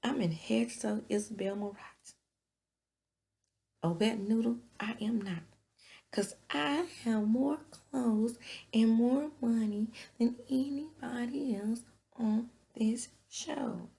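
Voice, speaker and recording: A woman's voice: a little high, slow pace, gravelly, warm tone, voice pushed up. A woman putting on the voice of a haughty, rich woman who sounds indignant and boastful. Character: haughty rich woman defending her glam.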